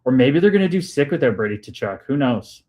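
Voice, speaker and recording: A man hosts a casual livestream and reads out chat comments. He talks in a loose, excitable way, swears freely and keeps hyping up his viewers. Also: medium pitch, fast talker. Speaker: livestream host reading chat.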